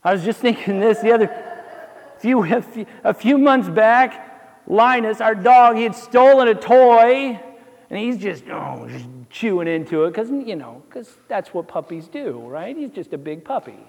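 High-voiced preacher in a reverberant sanctuary. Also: male voice, a little slow, gravelly. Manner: animated storytelling, asides and jokes, rising to emphatic exhortation. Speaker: pastor. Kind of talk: sermon.

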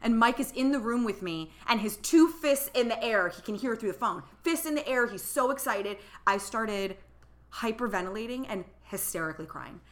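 A woman's voice: fairly high pitch, normal speed. A woman in her thirties, a podcast guest, telling a personal story in casual chat and acting out the voices of the people she quotes. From California. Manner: animated, acts out quoted voices.

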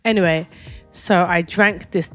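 A woman's voice: on the low side, steady tone, fairly bright tone, faint music behind. A woman co-hosting a casual podcast with her husband, bantering and protesting his teasing. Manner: playful, indignant protests, quick comebacks. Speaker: podcast co-host.

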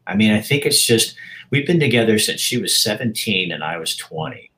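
A man in his sixties being interviewed, talking frankly and reflectively about his life, with halting restarts. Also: on the low side, lively intonation, pushed and bright, rough recording. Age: 60s. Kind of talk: candid personal interview.

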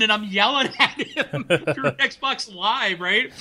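A man co-hosting a casual gaming podcast, an animated storyteller whose voice climbs high when he retells yelling at a friend. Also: moderate pace, hardly any pauses. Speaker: podcast co-host. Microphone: desk mic, loosely mounted.

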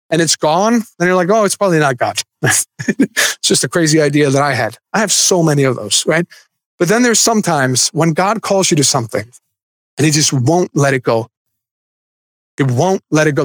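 Male pastor, thirties, relaxed chatty preaching, higher voice, dry recording. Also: no room sound. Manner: conversational, self-deprecating asides with light laughs. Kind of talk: sermon.

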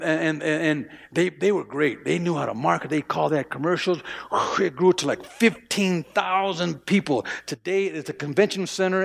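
A man's voice: on the high side, gravelly. A male pastor preaching a sermon, emphatic, repeating phrases and stammering through restarts. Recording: long hall reverb.

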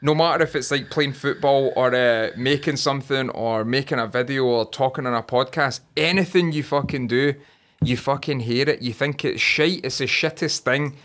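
A man's voice: mid-range voice, moderate pace, a bit bright. Podcast guest, Scottish man, sweary, self-deprecating, lots of "aye". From Scotland. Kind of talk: casual chat.

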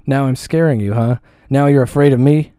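A man voicing a pushy, mocking male street harasser in a read-aloud story, taunting and loud. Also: medium pitch, measured pace, no room sound, clean studio sound, voice pushed up, natural voice.

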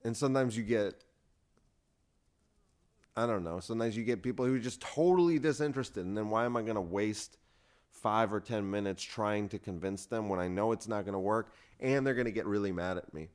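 A man's voice: fairly low pitch, fairly quick, darkish tone. A man hosting a podcast, telling a story in a casual solo monologue that rambles, restarts often, and acts out what other people said. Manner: frequent restarts and filler words. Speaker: podcast host.

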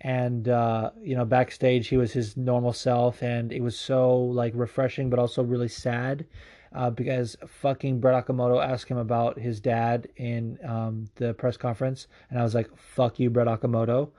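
A man hosting a podcast from home, telling stories excitedly and swearing freely in casual chat. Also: medium pitch, normal speed. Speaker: podcast host.

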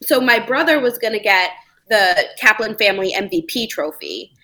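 A woman's voice: mid-range voice, expressive, normal speed, pushed and bright, rough recording. A woman guest on a podcast, chatting playfully and handing out mock awards. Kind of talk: casual chat.

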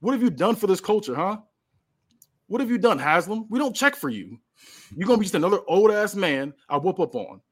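A man's voice: high voice, very animated, a little fast, slightly rough, pitched above the performer's own voice, heavily acted. A man voicing a brash young male rookie wrestler who boasts and trash-talks in a raised, strained voice. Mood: boastful. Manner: trash-talking, boastful, taunting.

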